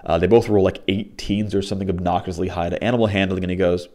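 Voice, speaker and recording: A young man casually recapping a tabletop game session, rambling with lots of fillers and restarts, and slipping into lively quoted dialogue. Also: low voice, quick pace.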